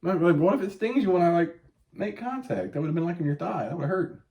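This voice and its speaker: A man's voice: high-pitched, brisk. A man in his late thirties hosting a casual chat, telling stories with lots of swearing and yelped quotes. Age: 30s. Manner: profane, animated storytelling with yelped quotes. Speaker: podcast host.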